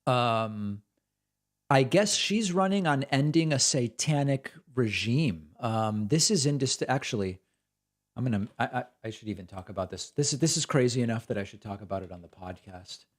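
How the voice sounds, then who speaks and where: Sardonic man hosting a political talk stream; casual, mocking delivery at a mid pitch. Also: expressive, normal speed. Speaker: political commentary host. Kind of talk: casual sarcastic commentary.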